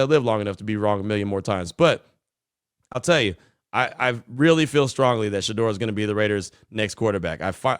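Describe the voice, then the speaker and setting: Fast-talking male sports podcast host. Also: lowish voice, no echo, clean studio sound. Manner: fast, chatty, reads listener texts aloud. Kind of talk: sports call-in show.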